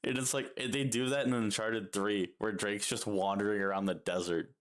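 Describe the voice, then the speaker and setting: A man's voice: fairly low pitch, steady tone, moderate pace. A young man co-hosting a casual podcast chat, laid-back, laughing often and saying "like" a lot. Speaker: podcast co-host.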